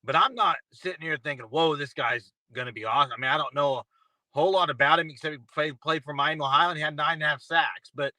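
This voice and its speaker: A man's voice: a little high, quick pace, sharp tone, no echo, rough recording. A man co-hosting a sports talk show, giving blunt opinions in a casual chat. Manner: blunt, argumentative. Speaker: co-host.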